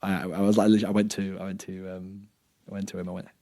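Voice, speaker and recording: A man with a slightly low voice recounts a role-play game in casual podcast chat. He drops soft and quiet for the sad parts and gets loud when he jokes. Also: fast. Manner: lively storyteller, soft and low when telling sad scenes, loud when joking.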